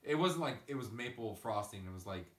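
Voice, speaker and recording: A man hosting a casual podcast, swearing freely and ranting through animated stories. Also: mid-range voice, brisk, far from the mic. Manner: ranting, profane, animated storytelling. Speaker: podcast host. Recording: echoey room, away from the mic.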